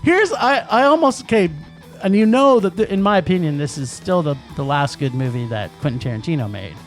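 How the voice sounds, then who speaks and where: A man's voice: high voice, expressive, fairly quick, soft background music. A man co-hosting a podcast, ranting about movies in casual chat, emphatic and laughing. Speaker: podcast co-host. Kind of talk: casual film-review chat.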